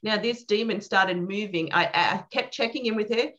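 A woman tells a prayer-ministry testimony as an animated, earnest storyteller in a mid-range voice. She acts out the lines she quotes. The recording sounds slightly dull and muffled. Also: medium pitch, normal speed. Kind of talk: telling a personal ministry testimony.

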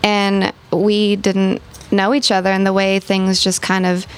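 A young adult woman, a singer-songwriter guest, talking thoughtfully and softly in a casual interview. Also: mid-range voice, monotone, measured pace, clear, resonant tone.

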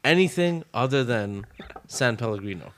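A man in casual podcast chat, telling stories with lively, swearing asides about restaurant work. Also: mid-range voice, moderate pace, slight background noise. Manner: animated storyteller, swears casually.

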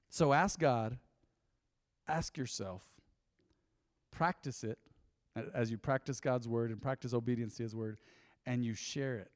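A man preaching a sermon, telling stories and asking his congregation questions in an animated way. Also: mid-range voice, unhurried, pauses often, studio quality. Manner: animated storytelling, lively asides to congregation. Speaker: pastor. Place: church sanctuary. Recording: long reverb in a hall.

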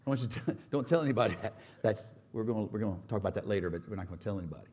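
A preacher acting out a calm male teacher who warns in a low, soft, confiding voice. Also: racing, lightly acted. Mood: quietly warning.

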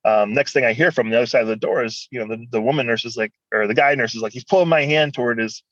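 A man's voice: mid-range voice, fairly even intonation, very fast, fairly bright tone, no echo. Man telling a rambling story, muffled audio. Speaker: guest. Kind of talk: personal storytelling in conversation.

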